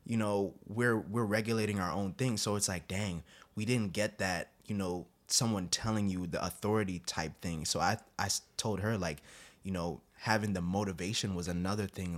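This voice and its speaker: A young man hosting a podcast, telling long rambling stories and acting out quotes in sudden high voices. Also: normal speed. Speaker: podcast host. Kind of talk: casual podcast chat.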